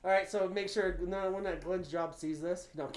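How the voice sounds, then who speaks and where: A man's voice: high voice, steady tone, moderate pace. Casual male podcast host, laid-back and loose, recorded in an echoey room. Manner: laid-back, swears, laughs often. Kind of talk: casual chat.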